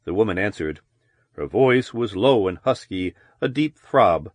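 A man giving measured, descriptive audiobook narration of a novel. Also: on the low side, lively intonation, no echo.

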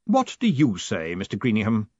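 Vetinari, a man voicing a cold, calm ruler. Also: on the low side, no room sound, lo-fi sound. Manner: measured, precise, quietly menacing. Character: cold, calm, commanding male city ruler.

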